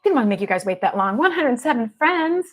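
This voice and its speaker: A woman's voice: a little high, very animated, quick pace. A woman, an evidential medium, chatting casually and effusively with viewers as she hosts a livestream. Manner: effusive and upbeat, repeats affection to the audience.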